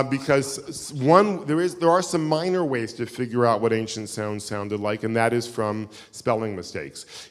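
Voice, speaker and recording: Male lecturer, chatty self-deprecating storyteller, live in a reverberant hall. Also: medium pitch. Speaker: keynote lecturer. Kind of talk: live lecture with audience questions. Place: synagogue hall.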